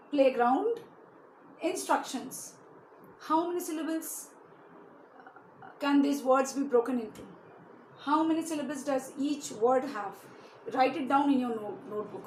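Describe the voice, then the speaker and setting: Woman teacher, high voice, echoey room with faint hiss, keeps quizzing the kids. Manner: asks pupils many questions, often adds "you know". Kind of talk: classroom lesson for children.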